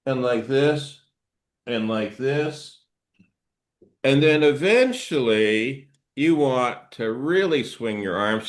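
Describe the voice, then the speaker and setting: A middle-aged man, a trauma therapist, gently guiding listeners through arm-swing exercises and explaining body reactions. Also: mid-range voice. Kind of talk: guided movement instruction.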